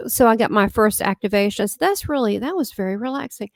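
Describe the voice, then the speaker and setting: A woman with a somewhat high voice tells a personal story in casual chat, jumping up and down in pitch as she acts out what others said. The recording is dry and close, with no room sound. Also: quick pace, no echo. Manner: animated storyteller, acts out quoted dialogue with big pitch jumps. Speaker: host. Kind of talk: casual chat recounting experiences.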